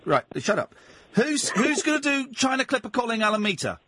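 Male late-night radio host, high animated voice, bossy and exasperated, laughs easily, studio mic. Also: brisk. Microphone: studio microphone.

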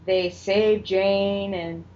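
A woman's voice: medium pitch, drawn-out words. A woman co-hosting a podcast, animatedly retelling a TV episode in casual chat and acting out the characters' lines. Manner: animated retelling, acts out quotes, swears. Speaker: podcast co-host. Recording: dull lo-fi audio with faint noise.

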